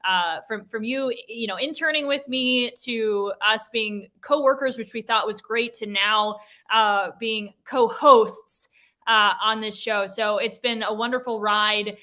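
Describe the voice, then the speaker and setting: Bright-voiced woman co-host, chatty. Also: a little high, measured pace. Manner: warm, rambling, teasing, many fillers. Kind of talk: casual chat.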